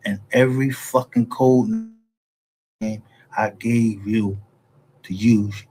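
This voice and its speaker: A man's voice: mid-range voice, slow pace, a bit bright, a little hiss or hum. A man giving a heated, profane, rambling commentary as a YouTube creator, often restarting his sentences.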